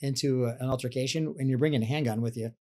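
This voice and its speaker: A man's voice: medium pitch, fairly even intonation, fast talker, a little mellow. A man hosting a podcast conversation, agreeing often and explaining his points plainly. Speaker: host. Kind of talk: conversational interview.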